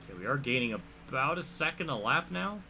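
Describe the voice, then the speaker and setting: A man's voice: medium pitch, expressive, quick pace, sharp tone. A young man live-streaming a racing game, commenting on the race and joking with his chat, often laughing. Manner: laid-back, laughing banter with chat. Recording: faint game noise behind.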